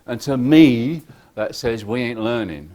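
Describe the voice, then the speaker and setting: A man with a mid-range voice and measured pace gives a conference talk in a conference hall. Lively and irreverent, he jokes with the audience and acts out his clients' lines in quoted voices.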